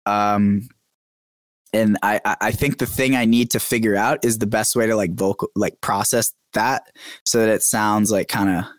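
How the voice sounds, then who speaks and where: A man's voice: lowish voice, steady tone, normal speed, dry recording, clean studio sound. A young man, a podcast guest, chatting casually and animatedly, full of "like" and "dude". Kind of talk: casual chat.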